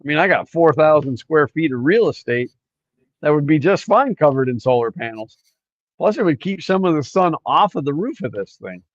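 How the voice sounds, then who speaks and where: A man's voice: on the high side, animated, normal speed. A middle-aged man from the US co-hosting a livestream, chatting casually and joking at his own expense. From United States. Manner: joking, self-deprecating, rambling. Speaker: co-host of a livestream. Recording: dull dry home mic.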